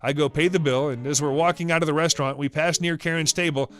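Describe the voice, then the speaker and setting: A man in scripted narration, reading out a story with a brisk storytelling manner. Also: a little high, fairly even intonation, a bit bright.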